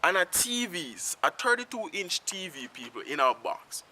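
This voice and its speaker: A young Jamaican man with a Jamaican accent, telling a personal story in a casual vlog, animated at the exciting parts. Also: sits high, normal speed, a little hiss or hum. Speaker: vlogger.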